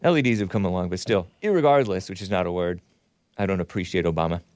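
Smooth-voiced sardonic male talk host. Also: low voice, quick pace, darkish tone, dry recording. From Southern California. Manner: sardonic, wry asides with chuckles. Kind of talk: casual commentary reading viewer messages.

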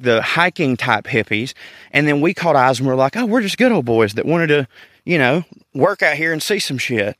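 A man's voice: mid-range voice, a bit bright, no echo, clean studio sound. A man with a Southern US accent, a podcast host talking in a rambling, candid monologue and swearing casually, recorded outdoors in a park.

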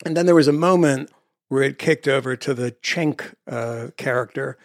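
A man hosting a casual interview, talking in an animated, emphatic way with quick asides. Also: mid-range voice, no room sound, studio quality.

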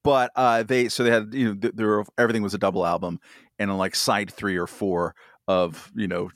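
A man's voice: lowish voice, little pitch movement, fairly quick, no echo, clean studio sound. A man in his fifties, a podcast guest, chatting casually in a rambling way with lots of fillers and self-deprecating asides. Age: 50s. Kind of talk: casual chat.

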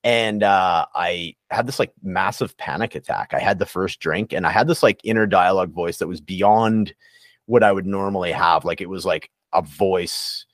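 A man's voice: low voice, moderate pace, no echo, studio quality. A man talking candidly and reflectively in a casual podcast interview, with many fillers and restarts. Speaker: recovery coach guest.

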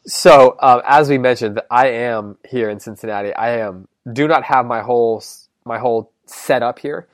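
A man's voice: medium pitch, moderate pace, few pauses, no room sound, studio quality. A man hosting a podcast from a hotel room, chatting casually and joking, speaking through wired earbuds. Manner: joking, chatty, with filler words. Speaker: podcast host. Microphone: wired earbud headset.

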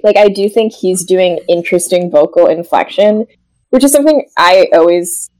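A woman's voice: fairly low pitch, moderate pace, a little mellow, poor audio. A woman guest on a casual music podcast, talking thoughtfully and murmuring agreement often. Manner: thoughtful, frequent affirming murmurs.

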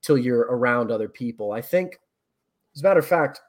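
A man's voice: mid-range voice, lively intonation, a little fast. A man from Northern Virginia with a Mid-Atlantic accent, talking in an articulate, somewhat professorial way in casual podcast conversation. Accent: Mid-Atlantic American.

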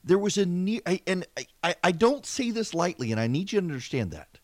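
A man's voice: high voice, sing-song, a little fast, no echo. Southern guy hosting a politics podcast, chatty with wry asides, dry close sound. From American South. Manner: conversational, repeats words when emphatic, wry asides. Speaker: podcast host.

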